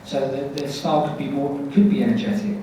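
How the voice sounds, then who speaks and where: A Scottish-born man with a London accent that carries Scottish traces answers questions as a guest on a convention panel, telling stories animatedly, mocking himself and restarting often. His voice is fairly high and fairly quick. The audio comes from a large hall, with echo, a distant mic and lots of noise.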